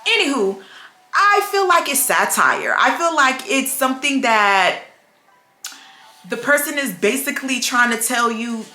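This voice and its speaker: Sassy, animated woman vlogging at home. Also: on the high side, slow, reverberant, faint music behind. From United States. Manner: sassy, animated storytelling with playful asides. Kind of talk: casual chat. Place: home room with a dog.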